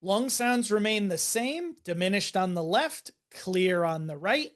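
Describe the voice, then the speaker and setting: A podcast host talks through a case in a relaxed, chatty way, pausing on lots of "like" and "you know". The voice sits at a middle pitch. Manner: casual, many fillers, teasing. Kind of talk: casual case walkthrough.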